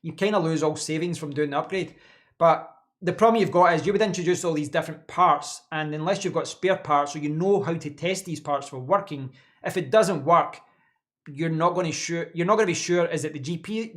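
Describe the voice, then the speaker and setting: A man's voice: on the high side, fairly quick. A man hosting a casual live stream from his home office desk, answering chat in a rambling way and repeating words as he thinks.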